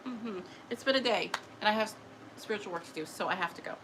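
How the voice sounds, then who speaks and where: A woman talking casually to camera about her spiritual gifts. She is chatty and animated, often laughs, and acts out other people's voices, and she says she is tired. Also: medium pitch, rapid-fire, noisy background. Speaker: spiritual messenger.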